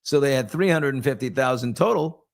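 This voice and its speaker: A man's voice: mid-range voice, expressive, brisk, vocal fry. A man hosting a casual morning chat show, gossiping about celebrities in a chatty, loose way. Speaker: host.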